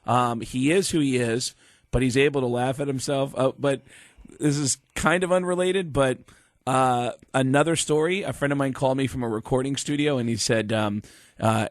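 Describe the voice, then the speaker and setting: A man who is a comedian guest on a podcast, telling lively anecdotes and acting out the voices of people he quotes. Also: mid-range voice, brisk, no echo. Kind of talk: podcast storytelling. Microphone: studio microphone.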